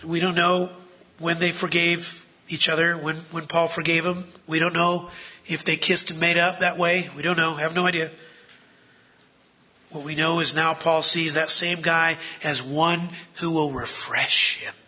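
A man's voice: a little high, level tone, unhurried, pushed and bright. A man preaching a sermon in a conversational way, asking the listeners rhetorical questions.

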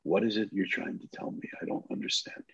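An older man on a podcast as a guest acts out the dialogue of a long story he's telling, sounding animated. His lowish voice is husky with vocal fry and fairly quick, in a dry recording that's slightly muffled.

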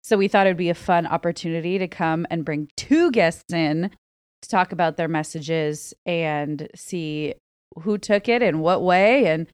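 A woman's voice: on the low side, measured pace, clean tone, no room sound, clean studio sound. A woman co-hosting a church podcast, cheerful and chatty. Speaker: podcast co-host. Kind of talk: casual church podcast chat.

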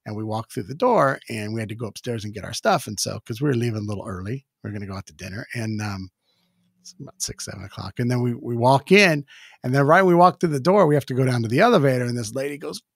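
Gravelly man telling a lively story. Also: mid-range voice, fast talker, no room sound, studio quality. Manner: animated, acts out quoted voices. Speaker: guest. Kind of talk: casual storytelling.

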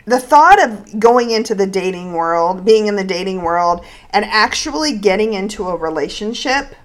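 A woman co-hosting a podcast, speaking candidly and personally about her own life in casual chat. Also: medium pitch. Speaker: podcast co-host.

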